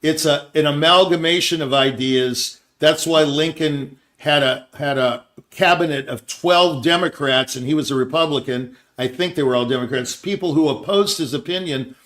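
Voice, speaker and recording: With a fairly bright voice on the high side, an older talk-show host from the Scottsdale, Arizona area talks at normal speed with few pauses. His casual conversation wanders as he thinks aloud, restarts, and imitates others in put-on voices.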